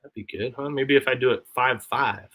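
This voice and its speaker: A man's voice: mid-range voice, fairly quick, sharp tone. A man hosting a casual live stream from his homestead, chatting in a rambling way and answering his chat aloud. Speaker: livestream host. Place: home, homestead.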